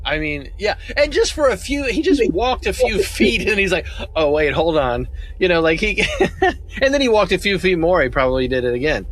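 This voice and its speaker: A man's voice: high voice, brisk, dry recording. A man hosting a casual podcast chat about a movie, laughing often and quoting lines from it. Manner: animated, laughs often, quotes lines from the film. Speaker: podcast host.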